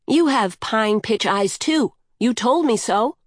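A woman's voice: fairly high pitch, lively intonation, slow, no room sound, studio quality. A woman voicing a frightened, sullen young girl who pleads and sulks.

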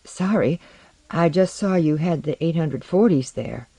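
A narrator voicing a meek male engineer who speaks in a soft, hesitant voice. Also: mid-range voice, expressive, a little slow, no room sound.

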